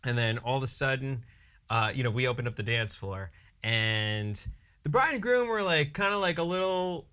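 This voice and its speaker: Bright-voiced man telling a wedding story. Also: medium pitch, moderate pace, clean tone. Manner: animated storyteller who briefly acts out his own hype announcements; frequent fillers like "you know" and "right". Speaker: wedding DJ and emcee, podcast co-host. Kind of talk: casual storytelling chat.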